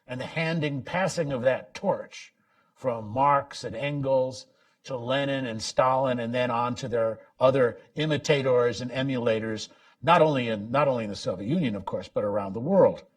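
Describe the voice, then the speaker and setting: A man giving a public talk about his book, halting with many restarts and sudden bursts of emphasis. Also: medium pitch, distant mic. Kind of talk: public lecture. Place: lecture event.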